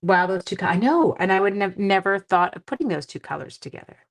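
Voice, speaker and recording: A woman's voice: mid-range voice, animated, fast talker. A woman hosts a casual live crafting stream from her home. She chats freely as she works through a stamping demonstration, giggling and poking fun at herself along the way. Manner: chatty and giggly, laughing at herself.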